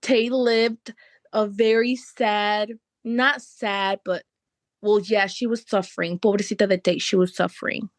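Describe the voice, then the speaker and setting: A woman podcast co-host in casual chat, animated, cursing freely and slipping into Spanish mid-sentence, with many fillers of "like". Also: medium pitch, unhurried, dry recording.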